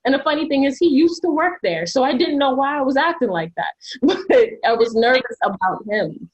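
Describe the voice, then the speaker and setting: On a podcast panel having a casual debate, a woman tells stories chattily, sprinkling in lots of "like" and "um." Her high voice is lively and brisk, slightly rough, with the highs cut off.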